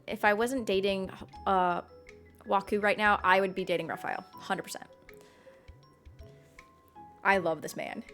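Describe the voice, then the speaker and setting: A woman's voice: mid-range voice, a bit bright. A young woman chatting casually on a live stream, rambling and easily sidetracked while she plays.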